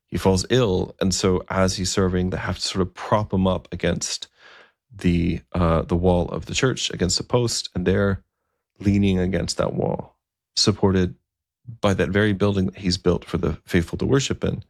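A man's voice: low-pitched, fairly even intonation, normal speed, gravelly, no room sound, clean studio sound. A man narrating a story in a conversational way, with occasional fillers.

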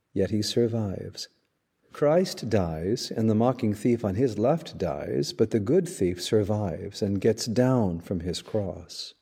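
A priest hosting a podcast, giving a measured sermon-style reflection with dramatic storytelling. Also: male voice, fairly low pitch, warm tone, husky.

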